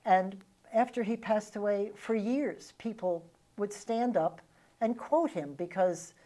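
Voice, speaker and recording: A woman's voice: medium pitch, slow, dark tone. A middle-aged woman with a Vermont accent, hosting an interview and recalling stories from her legislative days with a ready laugh. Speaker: host and former legislator. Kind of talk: casual interview chat.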